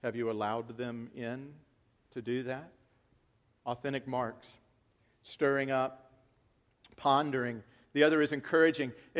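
A man preaching a sermon, moving from quiet, reflective talk to loud, excited calls to the congregation. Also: mid-range voice. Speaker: pastor.

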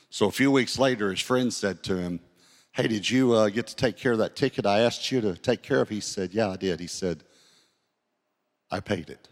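Preaching man in a reverberant church. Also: on the low side. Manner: storytelling, slows down to read scripture. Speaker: pastor. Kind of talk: sermon. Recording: long hall reverb.

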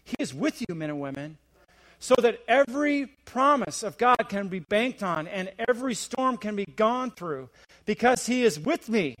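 A middle-aged man preaching a sermon as a visiting pastor, building to emphatic, rising questions and then dropping to a quiet, hushed delivery. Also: sing-song, moderate pace. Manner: swings between rising, emphatic preaching and hushed, low asides.

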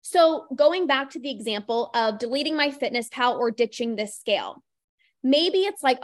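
A young woman hosts a solo podcast in a high, animated voice at normal speed. She talks casually, saying "like" a lot and acting out little inner voices.

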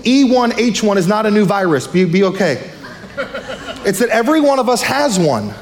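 High-voiced, fired-up male pastor preaching. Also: in a large hall. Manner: fired up, fast-talking preacher. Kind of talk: sermon. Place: church sanctuary.

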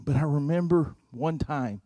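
A man preaching a storytelling sermon, earnest, moving between loud emphasis and hushed, intimate passages. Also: a little high, normal speed, no room sound.

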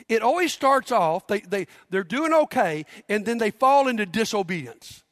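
A man's voice: high-pitched, animated, normal speed, a bit bright, studio quality. A man preaching a sermon as pastor, emphatic, leading the congregation in call-and-response. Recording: long hall reverb.

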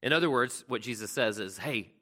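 A man's voice: lowish voice, moderate pace, pushed and bright. A man preaching a sermon in a conversational way, often asking "right?" and reading scripture aloud with extra emphasis. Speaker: pastor.

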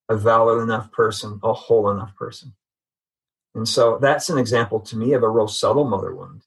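A man's voice: mid-range voice, slightly rough, poor audio. A man giving an earnest, reflective personal testimony as a guest in a conversation. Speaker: podcast guest.

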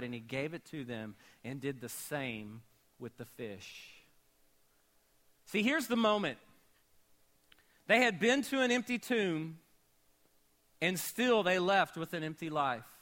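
A man pastor preaching a sermon, animated, moving between shouting and hushed storytelling. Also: a little high.

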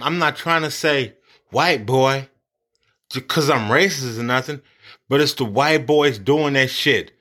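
A man's voice: mid-range voice, a bit bright. A man ranting angrily about politics, profane and blunt. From United States. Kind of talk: angry political rant.

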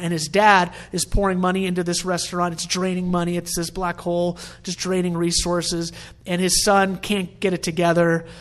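A man's voice: sits high, fairly bright tone. A middle-aged man preaching a sermon in a conversational, storytelling way. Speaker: pastor.

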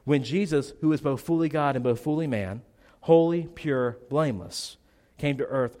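A man's voice: medium pitch, moderate pace, darkish tone. A man preaching a sermon as pastor, earnest, with repeated phrases and rhetorical questions, still a little congested. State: slightly congested.

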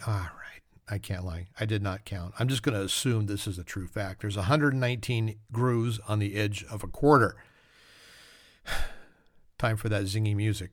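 A man's voice: on the low side, dry recording, clean studio sound. A man hosting a solo trivia podcast, reading facts with joking, self-mocking asides. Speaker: podcast host.

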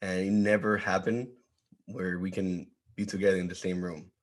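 A man's voice: low voice, little pitch movement, normal speed. A man guest on a podcast, speaking briefly in a laid-back, casual way. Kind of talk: casual chat.

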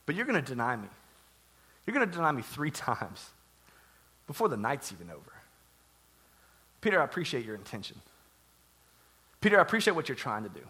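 A man preacher voicing Jesus as a calm, gentle teacher who speaks slowly and softly. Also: high voice.

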